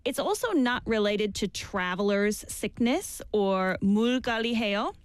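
A woman co-hosting a radio talk show, calmly explaining a term step by step and switching into Korean for key words. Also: medium pitch, brisk, dry recording, studio quality. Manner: clear, methodical, teacherly explaining. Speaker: radio co-host explaining expressions.

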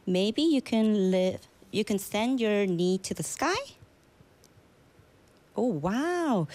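A woman yoga instructor gently coaching a student through a headstand, encouraging her step by step. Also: mid-range voice, expressive, slow, long pauses.

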